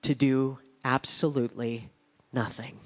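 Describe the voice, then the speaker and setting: A man reading the lines of a weary, resigned aging king in a quiet, measured way, in an echoey church hall. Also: mid-range voice, flat delivery, voice pushed down.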